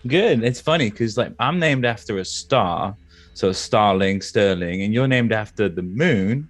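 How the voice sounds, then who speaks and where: A man's voice: fairly low pitch, expressive, measured pace. A man casually playing his character in a tabletop game, chummy and chatty. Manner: casual, chummy, says "mate". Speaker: player. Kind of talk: casual in-character role-play.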